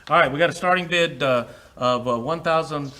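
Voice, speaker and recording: Bright-voiced man calling auction bids. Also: fairly high pitch, fairly quick. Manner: repeats the asking price in steady runs, many "uh" fillers. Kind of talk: live charity auction calling.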